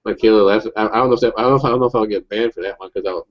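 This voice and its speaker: Fast-talking rambling young man, lo-fi call. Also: fairly low pitch. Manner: rambling, profane storytelling with many restarts. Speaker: chat participant telling stories. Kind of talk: casual group chat.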